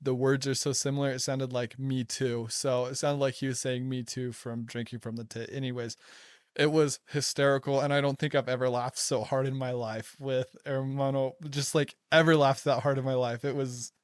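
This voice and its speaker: Young host, giggly storyteller with a smooth, clear voice, recorded dry and close. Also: male voice, mid-range voice, moderate pace, no echo. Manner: laughs a lot, excitable storytelling. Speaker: podcast host. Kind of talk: casual chat.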